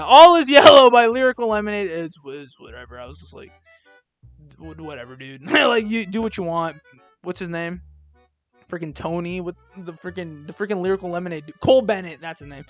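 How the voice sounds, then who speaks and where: A man's voice: high voice, lively intonation, moderate pace, a bit bright, faint music behind. A young man giving casual, blunt and sarcastic commentary as he ranks albums, rambling with lots of fillers. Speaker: video creator ranking albums. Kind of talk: casual rant-style commentary.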